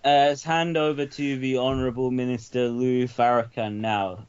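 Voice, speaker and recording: A man's voice: mid-range voice, steady tone, moderate pace, darkish tone, smooth. Dry, stumbling British-born man. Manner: dry, stumbling, self-mocking. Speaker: podcast host. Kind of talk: casual comedy chat. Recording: dull lo-fi sound.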